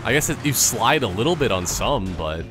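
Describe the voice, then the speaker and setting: A man chatting over a driving game, his pitch bouncing all over as he wanders off on jokey tangents. His voice sits at an ordinary middle pitch, with game music playing behind him. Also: sing-song, normal speed. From Canada. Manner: rambling, joking asides and tangents. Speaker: gameplay commentator. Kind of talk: casual let's-play commentary.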